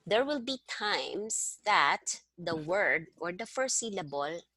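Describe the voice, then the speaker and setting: A woman's voice: on the low side, expressive, slow pace, pushed and bright, slight background noise. A woman teaching a one-on-one language lesson over a video call, patiently explaining step by step and prompting her student. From Philippines. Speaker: language tutor.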